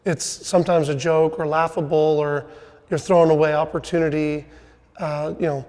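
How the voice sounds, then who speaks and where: A man's voice: on the high side, level tone, moderate pace, darkish tone, in a large hall. A middle-aged man hosting a casual podcast interview, coaching his guest and often tagging on "right?" and "you know". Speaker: podcast host, sales team leader.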